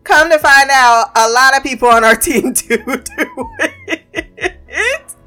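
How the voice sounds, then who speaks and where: A high-pitched woman talks slowly over faint music, venting about her remote team in a casual monologue. It's profane and animated, and she laughs throughout.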